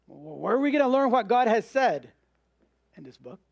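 A man's voice: sits high, very animated, a little fast, vocal fry, no room sound. A man preaching a sermon as pastor, emphatic, answering rhetorical questions and acting out voices of doubt.

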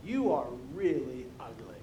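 A man voicing a rude male parrot in a pet shop window, calling out a high sing-song taunt and then a flat jab. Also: unhurried, dull audio. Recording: roomy hall with faint rumble.

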